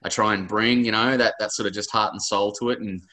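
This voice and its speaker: A man's voice: lowish voice, fairly even intonation, fairly quick, pushed and bright. A man in his forties with an Australian accent, an author telling personal stories in an interview in an earnest, rambling, emotional way. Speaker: author guest. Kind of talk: interview conversation.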